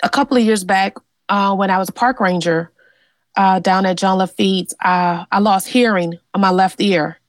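A woman's voice: mid-range voice, moderate pace, dry recording, low-quality recording. Earnest woman telling her family story. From Louisiana. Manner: earnest and animated, with fillers. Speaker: interviewee, genealogist. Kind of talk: personal storytelling.

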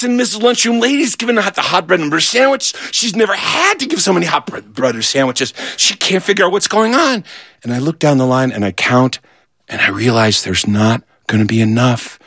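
Man, storyteller, comic tale, animated, bright voice, dry close sound. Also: dry recording. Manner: animated, acts out voices, big swings in pitch. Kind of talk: comic childhood story told to an audience.

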